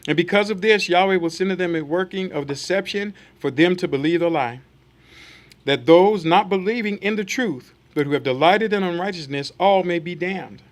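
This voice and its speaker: A man's voice: sits high, moderate pace. A man preaching a sermon, reading scripture aloud and then asking the congregation rhetorical questions and acting out voices. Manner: acts out quoted voices in asides.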